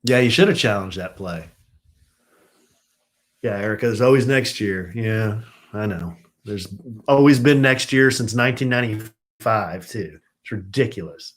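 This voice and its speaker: A middle-aged man hosting a casual live stream from home, chatting with viewers and ranting in exasperation. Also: unhurried. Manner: chatty, turns exasperated and high-pitched when ranting.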